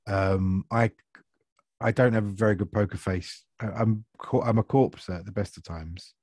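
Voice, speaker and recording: Actor, low-pitched, easygoing chatter with frequent laughs; dry, close recording. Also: male voice, fairly even intonation, moderate pace, a little mellow, no echo. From Essex, England. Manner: chatty and self-deprecating, laughs often. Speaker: actor guest. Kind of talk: casual interview chat.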